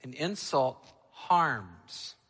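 Man, pastor, sermon, emphatic, loud and quiet turns, long hall reverb. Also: medium pitch, sing-song, drawn-out words, slightly rough.

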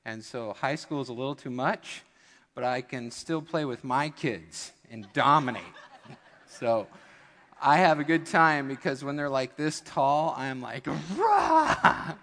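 A man preaches in a church with a mid-range voice, telling a lighthearted story as a sermon illustration and slipping into quick impressions of the people in it. His voice rings out with the long reverb of a large hall. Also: medium pitch, fairly bright tone. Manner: humorous storytelling with acted-out voices. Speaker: pastor. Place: church sanctuary.

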